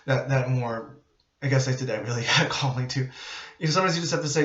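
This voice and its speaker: A man teaching students about nursing in a relaxed, conversational way. He uses frequent fillers and tag questions as he explains. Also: medium pitch, very fast. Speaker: psychiatric nurse instructor. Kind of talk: informal lecture to students. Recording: roomy, dull lo-fi recording.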